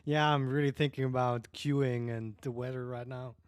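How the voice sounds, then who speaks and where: A man's voice: medium pitch, steady tone, moderate pace, smooth, no room sound. Laid-back male streamer, dry delivery. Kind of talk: live game stream chat.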